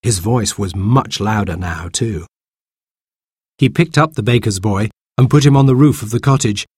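A man reading a children's storybook aloud in an expressive way. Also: lowish voice, normal speed, slightly rough, no room sound, studio quality. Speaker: narrator.

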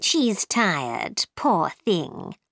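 A woman's voice: fairly low pitch, very animated, very slow, vocal fry, a bit bright, dry recording, studio quality, full character voice. A woman voicing a bossy, boastful queen in a storybook, with a firm, know-it-all manner.

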